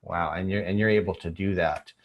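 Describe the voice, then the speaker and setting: A man's voice: sits low, fairly even intonation, brisk, highs cut off. A man hosting an interview as a couples counselor, affirming his guest and speaking with many fillers. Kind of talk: interview conversation.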